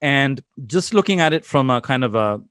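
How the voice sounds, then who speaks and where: A man's voice: medium pitch, animated, normal speed, fairly bright tone, clear, resonant tone, no echo, studio quality. A young man from Canada hosting an interview over a video call, talking casually with many fillers and restarts. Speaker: interview host.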